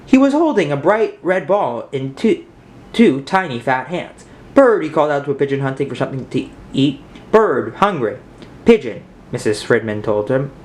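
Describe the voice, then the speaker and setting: A man reading a picture book aloud as narrator, with animated, expressive storytelling. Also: mid-range voice.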